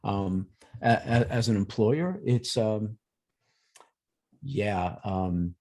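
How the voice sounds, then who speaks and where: A man presenting a workshop in a relaxed, conversational way over a video call, acting out everyday examples. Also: on the low side, measured pace, gravelly. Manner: lively, acts out examples in quoted voices. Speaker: workshop presenter on emotional intelligence.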